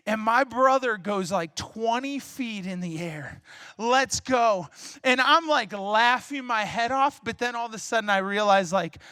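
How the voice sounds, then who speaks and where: Male pastor, sermon, animated storytelling, very high bright voice, dry sound. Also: no echo. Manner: animated storytelling, bursts of shouting.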